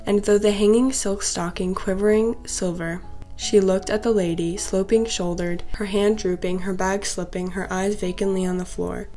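A young woman, a student, narrating a literary short story in a steady, measured reading. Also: mid-range voice, faint music behind. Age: young adult. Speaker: student reader. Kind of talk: scripted narration.

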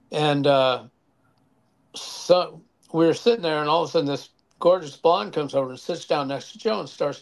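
A man's voice: a little high, gravelly. Older man, raised voice, chatty storyteller guest who acts out the quotes. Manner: animated anecdotes with acted quotes and chuckles. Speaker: former band member guest. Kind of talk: casual storytelling interview.

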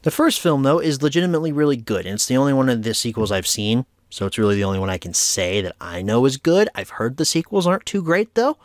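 A man's voice: mid-range voice, expressive, quick pace, hardly any pauses, no echo, clean studio sound. A man hosting a casual home media review vlog, chatty and opinionated as he wraps up an episode. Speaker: movie reviewer, show host.

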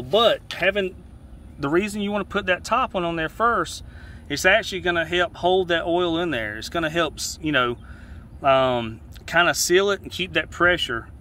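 A man from Georgia with a Southern accent, a fishing guide giving a casual step-by-step how-to demonstration outdoors, folksy and relaxed, often restarting his phrases. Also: high voice. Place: outdoors beside a boat. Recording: faint outdoor noise.

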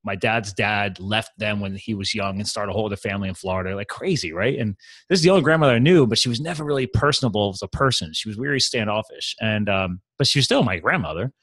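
A man's voice: lowish voice, quick pace, a bit bright, husky, no room sound. A man talking as a podcast guest, earnest and open, telling personal stories casually with lots of "man" and "like". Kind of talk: candid conversational storytelling.

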